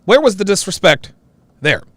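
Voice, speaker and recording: A man hosting a commentary show, replaying a call and mocking it with emphatic, animated delivery. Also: high-pitched, normal speed, dry recording. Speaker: host. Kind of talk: commentary on a played call-in clip.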